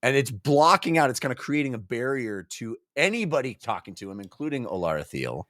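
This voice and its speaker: Animated man chatting about a book. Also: mid-range voice, brisk, no echo, studio quality. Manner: animated, jokey, acts out scenes. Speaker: book club co-host. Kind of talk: casual book discussion.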